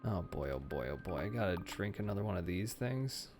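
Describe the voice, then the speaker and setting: Low-voiced joking game streamer. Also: male voice, lively intonation, a little fast, music in the background. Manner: casual, joking asides. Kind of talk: casual game commentary.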